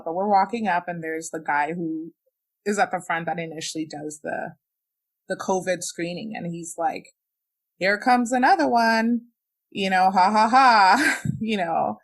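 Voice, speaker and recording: A woman's voice: low-pitched, steady tone, moderate pace. A young woman, a podcast guest, frankly and emotionally recounting a personal experience, with many "like"s and "you know"s. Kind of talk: candid personal storytelling.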